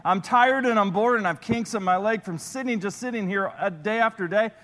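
A man's voice: high voice, a little fast, a bit bright, big-room sound. A man voicing a lazy, bored female bird in a read-aloud storybook, sounding whiny and coaxing. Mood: complaining.

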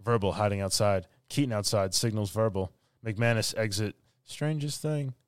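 Low-voiced man, dry podcast recap. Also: moderate pace, clean tone, no echo. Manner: animated recapping, acting out quotes in silly voices. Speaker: podcast co-host recapping a film. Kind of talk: casual chat.

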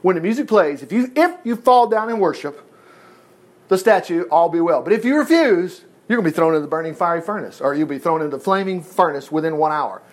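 A man's voice: a little high, animated, quick pace, natural voice. A man voicing an angry, proud ancient king who sternly threatens his subjects during a sermon. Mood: angry, threatening.

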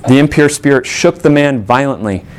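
A man's voice: mid-range voice, normal speed, a little hiss or hum. A man preaching a sermon earnestly, stressing points with rhetorical questions. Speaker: pastor.

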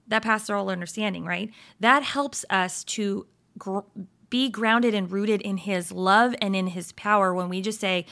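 A woman's voice: medium pitch, sharp tone. A woman in her thirties giving a casual devotional encouragement talk, upbeat and chatty, often checking in with her listeners and laughing easily. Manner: laughs easily, trails into asides. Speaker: Christian women's encouragement host.

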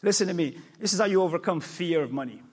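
A male pastor preaching a sermon, emphatic and repetitive, with sudden loud peaks. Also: sits high, expressive, quick pace, slightly rough.

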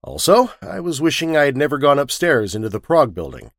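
A man narrating a first-person story with a wisecracking, lively storytelling manner. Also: on the high side, fast talker, creaky, no room sound, clean studio sound.

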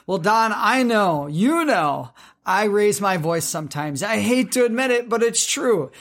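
Man, high-pitched, earnest co-host of a faith marriage podcast, reads verses slowly. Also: animated, fairly bright tone.

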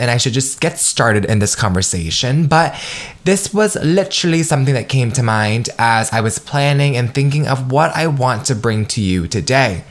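A man in his twenties from the States hosting a casual solo podcast, bubbly and slangy, cursing freely and drifting into tangents. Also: mid-range voice. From United States. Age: 20s. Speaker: podcast host.

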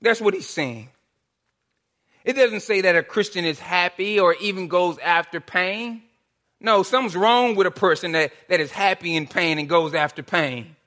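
Male pastor, sermon delivery, high-pitched and bright-toned, earnest and repetitive. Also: normal speed. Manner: earnest preaching, rhetorical questions and repetition.

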